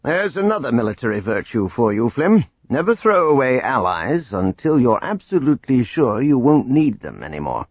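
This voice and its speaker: A man voicing a calm, calculating male military strategist who explains his plans. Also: mid-range voice, moderate pace, few pauses, slightly rough, no echo, highs cut off.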